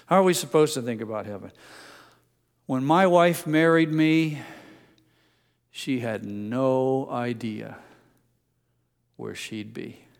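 An older man preaching a sermon, telling stories gently and dropping soft and low for quotes. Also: slow pace, gravelly, pauses often, big-room sound. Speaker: pastor.

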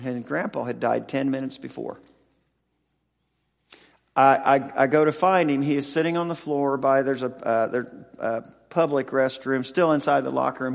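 A man in his sixties, a pastor and football chaplain, preaching a sermon with halting, emotional storytelling and many restarts. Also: medium pitch, long reverb tail. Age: 60s.

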